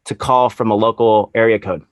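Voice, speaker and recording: A man hosting an interview over a video call, asking relaxed, inquisitive questions. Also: lowish voice, moderate pace, dry recording. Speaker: host. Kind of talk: casual interview.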